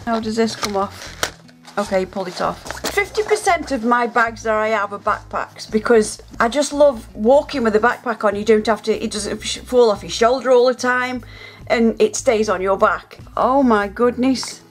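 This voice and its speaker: Gushing woman with a higher voice. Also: normal speed, soft background music. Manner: gushing, excitable, lots of gasps and exclamations. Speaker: nail art channel host. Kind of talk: casual unboxing vlog.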